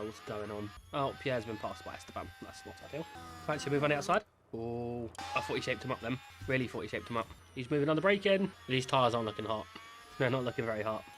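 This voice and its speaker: A man narrating his racing management game playthrough in a mid-pitched voice, talking his drivers through every move. Game music sits faintly behind him. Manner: chatty, cheers drivers on. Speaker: gaming creator. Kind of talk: excitable gameplay commentary.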